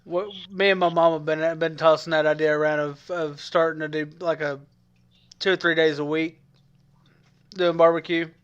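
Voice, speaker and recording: A man's voice: a little high, little pitch movement, moderate pace, a bit bright, clear, resonant tone. A man in a casual podcast chat, mostly chiming in briefly and agreeably. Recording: muffled lo-fi audio.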